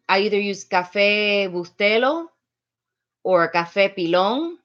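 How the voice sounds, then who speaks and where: Loud fast-talking woman, muffled sound. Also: fairly low pitch. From Latin America. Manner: loud, fast, laughs often. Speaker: live streamer reading chat. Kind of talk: casual live-stream chat.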